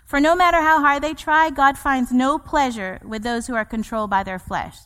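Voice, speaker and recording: High-voiced woman pastor preaching. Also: moderate pace, a bit bright, clear, resonant tone. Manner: preaching with emphatic repetition, acting out scripture quotes. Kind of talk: sermon. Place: church sanctuary. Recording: long church hall reverb.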